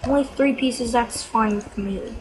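A woman giving casual, chatty gameplay commentary as a let's player, quick to exclaim and mock herself. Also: on the high side. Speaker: let's play gamer. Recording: noisy homemade mic recording.

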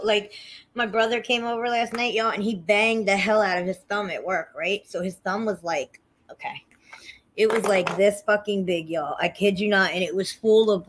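A woman's voice: on the high side, fairly bright tone. A woman hosting a casual livestream, chatty and profane, greeting viewers by name as she tells stories. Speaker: livestream host.

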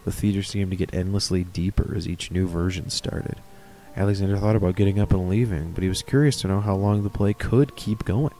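A man's voice: sits low, steady tone, fairly quick, dark tone, a little hiss or hum. A man reading a horror story aloud, with casual, chatty asides. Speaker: reader of stories.

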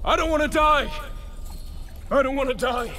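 A man's voice: very high-pitched, moderate pace, pushed and bright. An actor playing a terrified man begging for his life in a video game, with panicked, pleading cries.

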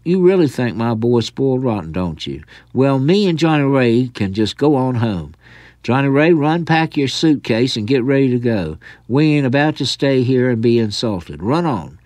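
A man voicing an indignant, doting aunt with a raised, pleading pitch. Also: sing-song, moderate pace, darkish tone, dry recording, studio quality, natural voice. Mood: offended. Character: indignant middle-aged Southern aunt, doting mother.

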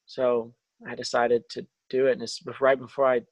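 Young man, faith testimony, video call, halting with restarts, dry close sound. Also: mid-range voice, completely flat delivery, no room sound, poor audio. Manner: halting, with frequent restarts and fillers. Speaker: testimony speaker.

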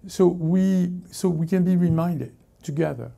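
A man preaching a sermon as pastor to a congregation in church, halting and often correcting himself mid-sentence. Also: high voice, gravelly, dark tone. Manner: halting, self-correcting preaching with many restarts. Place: church service before a congregation.

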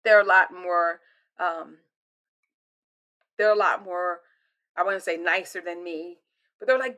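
An older woman pastor delivers a devotional sermon expressively, her voice fairly low and a little slow with long pauses. She swings between loud emphasis and hushed near-whispers.

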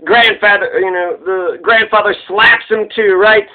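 High-voiced man on a tinny recording. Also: measured pace. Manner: rambling, profane, joking. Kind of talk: casual tribute commentary. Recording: tinny phone-like sound.

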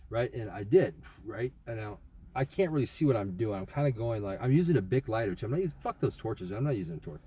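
A man's voice: on the low side, expressive, fast, mellow, husky. A young man casually rambling through a trip report, swearing often and full of fillers and restarts. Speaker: vlogger.

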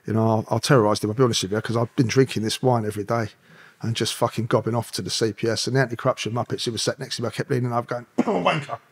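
Middle-aged man, husky voice, swearing storyteller acting out dialogue. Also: medium pitch, flat delivery, very fast. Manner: swears constantly, acts out dialogue. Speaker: podcast guest, former police officer. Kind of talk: profane anecdotal storytelling.

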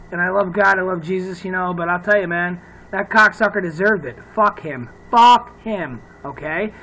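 A man's voice: high voice, bright, forceful tone, a little hiss or hum, rough recording. Swearing man ranting on his vlog. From upstate New York. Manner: ranting, swearing, laughs at himself. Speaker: vlogger.

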